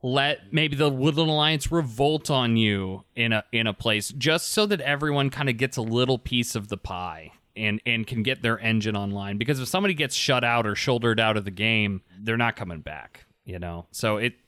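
A man's voice: medium pitch, moderate pace, few pauses, pushed and bright, clean tone, no room sound. A man co-hosting a casual board game podcast, earnestly explaining how to teach new players and acting out example lines. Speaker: podcast co-host.

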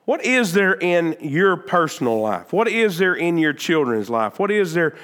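Male pastor, high-pitched voice, emphatic sermon delivery with lots of repetition. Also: sing-song, measured pace, fairly bright tone, smooth. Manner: earnest, emphatic preaching with repeated phrases and restarts.

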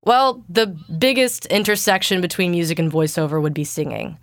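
Smooth-voiced young woman with allergies. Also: animated, normal speed, no echo, clean studio sound. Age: young adult. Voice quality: naturally deep for her. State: congested from allergies. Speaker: guest voice actor. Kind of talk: casual interview answers.

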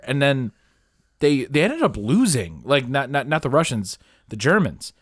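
A man hosting a podcast, rambling through a story full of "like"s and the odd curse, mid-pitched and lively. His voice is dry and close to the mic, with no room around it. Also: moderate pace, dry recording. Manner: rambling, animated storytelling with swearing and fillers. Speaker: podcast host. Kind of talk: casual chat.

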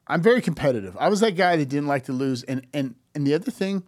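Energetic man in his fifties, dry close sound. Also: on the high side, fast talker, no echo. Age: 50s. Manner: animated storyteller, acts out quoted dialogue, frequent restarts. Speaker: podcast guest. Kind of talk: casual podcast conversation.

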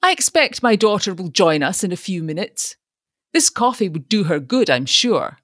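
Woman narrator playing a testy elderly father; pompous, grumbling, lively pitch. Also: moderate pace, no echo, clean studio sound.

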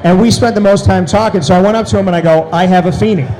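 A man telling an animated story as an interview guest, with loud excited bursts. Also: sits high, fast talker, low-quality recording.

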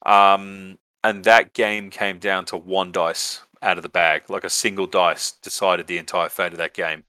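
A man's voice: deep voice, level tone, measured pace, sharp tone, clear, resonant tone, dry recording. An Australian man hosting a podcast, telling a rambling story casually, with lots of fillers and swearing. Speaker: podcast host.

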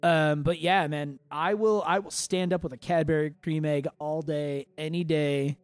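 Animated, profane man, slightly high voice. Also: moderate pace, clear, resonant tone, dry recording. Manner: animated, profane, enthusiastic storytelling. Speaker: podcast co-host. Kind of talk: casual chat.

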